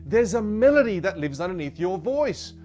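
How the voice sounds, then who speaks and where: A man teaching an online voice course, animated and playful, showing pitches from low to high. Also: normal speed, soft background music. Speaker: voice coach.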